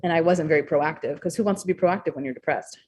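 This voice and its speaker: A young adult woman talking candidly as a podcast guest, expressive and blunt, swearing freely. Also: sits low, quick pace, slight background noise. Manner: frank, expressive, swears freely, acts out quoted thoughts. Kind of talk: candid interview conversation.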